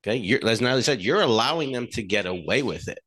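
A man's voice: mid-range voice, animated, fast talker, fairly bright tone. A middle-aged man co-hosting a relationship talk show, speaking earnestly and frankly, telling stories from his own life. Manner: earnest, storytelling, frank with swearing. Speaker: podcast co-host.

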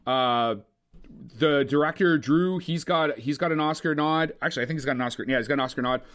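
A man co-hosting a casual movie podcast, talking in an animated, opinionated way with frequent swearing. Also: fairly high pitch, a little fast. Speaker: podcast co-host. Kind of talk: casual movie review chat.

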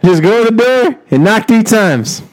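Animated man telling an improvised story. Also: sits high, moderate pace, rough recording. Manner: animated, laughing, profane. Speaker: storyteller leading the game.

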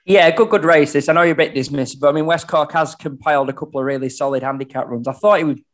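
A man's voice: on the high side, fairly even intonation, quick pace. A man giving casual, analytical horse racing tips on a podcast. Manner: chatty, fluent, analytical. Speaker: racing tipster.

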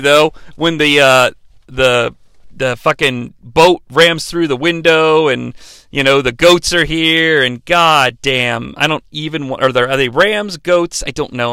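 A man's voice: fairly high pitch, moderate pace, sharp tone, clean tone, no room sound. A man giving a casual, profane and rambling spoken movie review, full of restarts and asides. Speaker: film reviewer.

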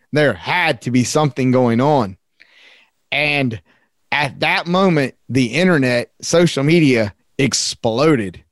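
A man's voice: medium pitch, no room sound, studio quality. A man hosting a casual interview, recounting events dramatically. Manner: builds a story dramatically, drawn-out emphasis. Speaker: podcast host.

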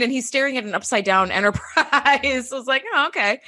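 A woman's voice: sits high, fairly quick, hardly any pauses, sharp tone, no echo, clean studio sound. A woman co-hosting a podcast, chatting casually and animatedly, acting out lines and laughing often. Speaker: podcast co-host. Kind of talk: casual recap chat.

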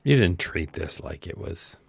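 A man co-hosting a movie podcast, rambling and conversational, talking slowly. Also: deep voice, expressive, gravelly, husky. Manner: talks slowly in a put-on accent. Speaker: podcast co-host. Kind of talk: casual movie chat.

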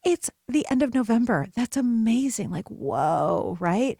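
A woman's voice: a little high, animated, unhurried, gravelly, mellow, breathy edge, dry recording. Upbeat chatty woman, dry close sound. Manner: enthusiastic, chatty, many asides and "right?". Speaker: podcast host. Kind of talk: casual motivational monologue.

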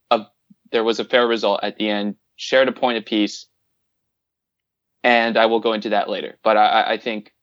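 A man's voice: fairly low pitch, a bit bright, no room sound. Laughing man with a dull, dry sound. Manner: laughs often, self-deprecating. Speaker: podcast co-host. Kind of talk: casual sports chat.

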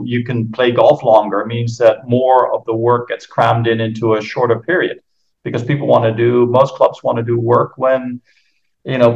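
A man's voice: medium pitch, vocal fry. A Dutch man in his fifties with an American-tinged accent, rambling through a podcast interview with many restarts and fillers. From Netherlands. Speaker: golf course architect. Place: home. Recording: muffled lo-fi audio.

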